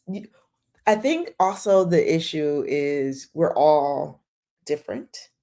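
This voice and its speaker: A woman's voice: lowish voice, warm tone. A woman hosting a casual live chat, rambling with lots of "like"s and talking straight to her viewers. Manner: chatty, rambling with many "like"s; talks straight to the chat audience. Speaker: host of a drama chat show.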